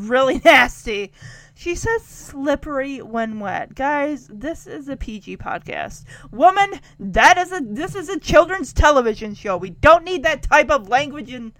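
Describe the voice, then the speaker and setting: A woman's voice: high-pitched, dry recording. A woman hosting a podcast, casually retelling a show and acting out the characters' lines. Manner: animated, acts out characters' lines. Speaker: podcast host.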